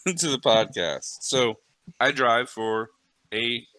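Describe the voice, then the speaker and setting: A man's voice: medium pitch, lively intonation, takes it slowly, bright, forceful tone, no room sound, rough recording. A man casually telling a long story on a podcast, laid-back and swearing freely.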